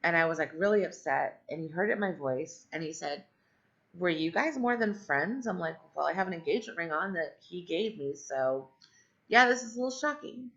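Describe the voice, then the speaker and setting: Middle-aged woman, storyteller, rambling with asides; raspy fry, muffled lo-fi audio. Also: fairly low pitch, animated, moderate pace, a bit bright. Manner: rambling, many fillers and asides. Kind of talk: personal storytelling. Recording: dull lo-fi sound.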